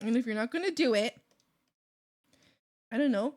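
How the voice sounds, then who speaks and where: A young adult woman streamer venting a story to her chat in a casual, animated, profane way. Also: a little high, moderate pace. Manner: animated, profane, mocking whiny voices. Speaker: art streamer.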